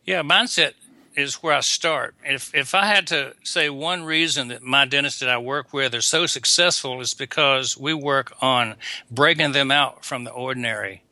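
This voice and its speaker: A man, a dentist guest talking in a folksy, unhurried way. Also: mid-range voice, bright, forceful tone, no echo. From Atlanta, Georgia. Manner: folksy, unhurried, with frequent restarts. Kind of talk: casual interview talk. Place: visiting abroad, remote call.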